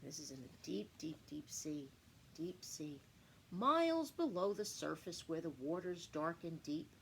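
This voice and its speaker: A woman teacher reading a picture book aloud to children, with animated singsong storytelling. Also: medium pitch, a little hiss or hum, low-quality recording.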